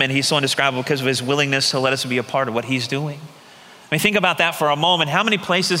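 A middle-aged man, a pastor preaching a sermon in a conversational storytelling way, dropping soft and slow on key phrases. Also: high-pitched, big-room sound. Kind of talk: sermon with personal stories.

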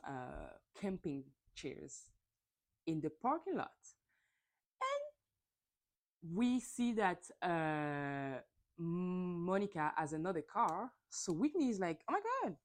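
A woman hosts a casual solo podcast, recapping in a chatty, gossipy way and swearing freely. Her voice sits fairly low but swings widely in pitch. She jumps into high, mocking voices whenever she acts out a quote. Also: darkish tone. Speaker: podcast host.

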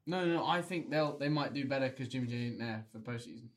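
A man's voice: medium pitch, fast talker. Dry, blunt man co-hosting a podcast. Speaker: podcast co-host. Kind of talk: casual sports podcast chat.

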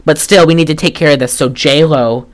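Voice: mid-range voice, moderate pace. A podcast co-host recapping a film in casual chat, rambling with lots of "like" and wry, sarcastic asides. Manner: trails off and restarts often.

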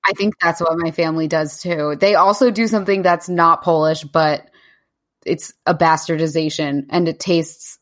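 A woman's voice: sits low, steady tone. Chatty woman podcast host. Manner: chatty, enthusiastic, quick asides. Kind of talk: casual podcast chat.

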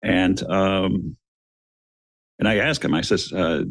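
A middle-aged man, a retired police officer, telling a dramatic story as a podcast guest, earnest, calling his listeners gentlemen and repeating words as he builds the story. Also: low voice, takes it slowly, no echo.

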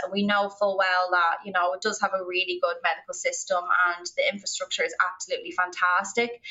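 A woman's voice: mid-range voice, bright, forceful tone. A young Irish woman telling a story as a podcast guest in a rambling way, full of "like". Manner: rambling, filler-heavy, lots of "like". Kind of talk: storytelling in casual conversation. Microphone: remote call. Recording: lo-fi remote call audio.

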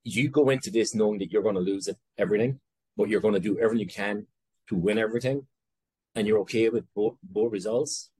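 An Irish man speaks as an interview guest, his voice low and a little husky. He wanders and restarts his thoughts, dropping the odd swear word. The sound is close and dry. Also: fast talker, a little mellow, dry recording. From Ireland. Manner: rambling, self-interrupting, candid with casual swearing. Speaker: guest entrepreneur. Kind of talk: conversational interview.

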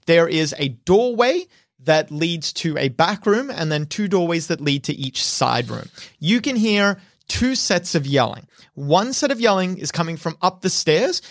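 A game master leads a tabletop horror game, describing each scene in a measured, deliberate way. The voice sits at a middling pitch and is recorded dry and close, with no room around it. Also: lively intonation, no room sound. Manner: measured, descriptive, slows for suspense.

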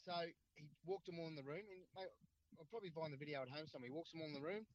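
A middle-aged Australian man rattles off his stories at a quick clip, rambling and slangy, doubling back on his own words. His voice sits a touch high for a man. The recording is dry and close but sounds dull and lo-fi. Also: no echo. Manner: rambling, repeats himself, slangy. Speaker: guest, former rugby league player. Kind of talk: casual storytelling.

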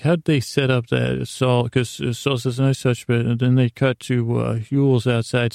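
A man's voice: medium pitch, creaky, darkish tone, dry recording, clean studio sound. A man from Syracuse, New York, hosting a sleep podcast, telling a meandering bedtime story in a rambling way full of fillers and restarts.

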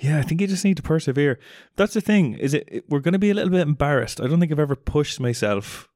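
A man's voice: on the high side, animated, quick pace, darkish tone, no room sound, clean studio sound. A young Irish man co-hosting a casual chat, teasing and easygoing with casual swearing. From Ireland. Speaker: podcast co-host.

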